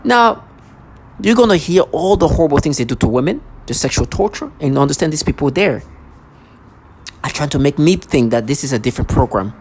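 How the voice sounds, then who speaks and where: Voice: mid-range voice, expressive, fairly quick, darkish tone, husky. A vlogger speaking in a rambling personal monologue, agitated and repetitive, with frequent stammering restarts.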